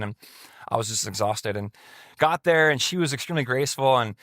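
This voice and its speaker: A man's voice: medium pitch, fairly quick, no echo, clean studio sound. A man preaching a sermon as a pastor, telling a personal story in a conversational way and acting out quoted people in a raised voice. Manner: conversational, animated quoting of others in raised voice. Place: church setting.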